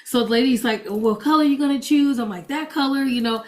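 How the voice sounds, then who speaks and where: A woman's voice: high voice, quick pace, darkish tone. A woman preacher and gospel DJ telling a personal testimony to an audience, chatty, acting out the dialogue. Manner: chatty storytelling that acts out quoted dialogue.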